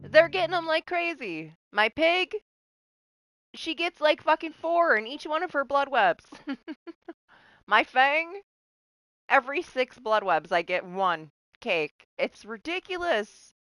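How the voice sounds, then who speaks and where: Bright-voiced exasperated woman streaming a game. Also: high-pitched, very animated, slow pace, no echo, rough recording. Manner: exasperated, laughing, swearing. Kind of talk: casual live game streaming.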